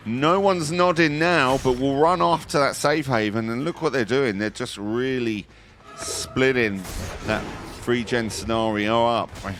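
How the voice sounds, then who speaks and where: A man giving live commentary on a competitive online match, chatty and jokey, breaking into excited high exclamations. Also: slight background noise. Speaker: esports commentator.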